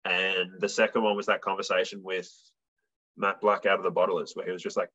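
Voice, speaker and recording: A young man chats loosely in an interview, his speech full of likes and ums. His voice sits a little low, and the recording sounds dull and lo-fi. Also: little pitch movement, fairly quick, pushed and bright, husky. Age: young adult. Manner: rambling, filler-heavy storytelling. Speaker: musician guest. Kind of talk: casual interview chat.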